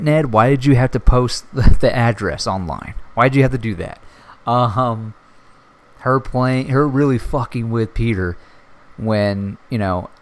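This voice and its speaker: A young man giving a casual solo movie reaction, excited and rambling, swearing often. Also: medium pitch. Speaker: movie review vlogger.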